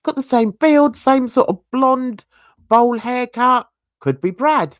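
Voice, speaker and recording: A woman's voice: on the high side, slow pace, no echo, studio quality. A woman hosting a true crime channel, reading viewer comments aloud in a casual, self-mocking way, stumbling over words and laughing at herself.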